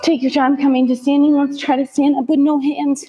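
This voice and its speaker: A woman fitness instructor calmly cueing a kettlebell workout with short step-by-step commands, breathing hard between sets. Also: high voice, brisk, faint music behind.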